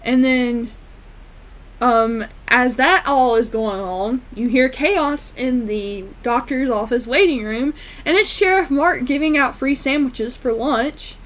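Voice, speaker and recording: A woman's voice: high voice, expressive, unhurried, few pauses, fairly bright tone, rough recording. Chatty woman recapping a TV episode. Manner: chatty retelling with frequent fillers. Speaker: TV episode reviewer.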